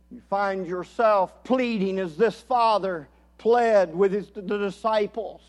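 A man with a high, light voice preaches an impassioned sermon to a gathering of men. He drops to a hushed, intimate tone, then climbs into loud, pleading calls to his listeners. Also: slow, hardly any pauses. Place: conference hall.

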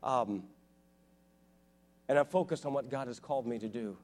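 A man in his forties preaches as a guest in church, live before a congregation, weaving personal stories into his sermon. His medium-pitched delivery is earnest and halting, full of restarts and repeated words, and it builds to fervent, loud passages.

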